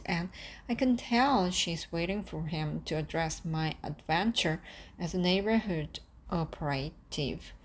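A woman narrates a first-person story in a calm, steady way. Her voice sits lowish and moves very slowly, with a faint bed of ambience behind it. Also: slight background noise. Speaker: audiobook narrator.

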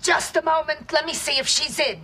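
A woman's voice: high-pitched, steady tone, brisk, very noisy, natural voice. Woman playing a brassy pushy talent agent. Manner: brassy, bossy, wisecracking.

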